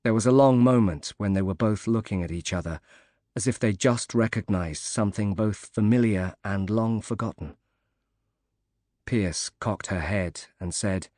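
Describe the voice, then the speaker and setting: A man narrating an audiobook in a calm, measured reading. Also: lowish voice, no room sound, clean studio sound.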